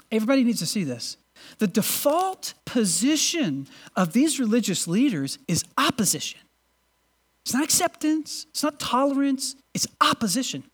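A pastor preaching a sermon to a congregation, earnest and emphatic, often repeating words while building toward a point. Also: medium pitch. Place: church congregation in a city.

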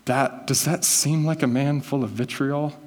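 A man's voice: medium pitch, fairly even intonation, unhurried, darkish tone, in a large hall. A man preaching a conversational sermon as a pastor, correcting himself and teasing listeners by name.

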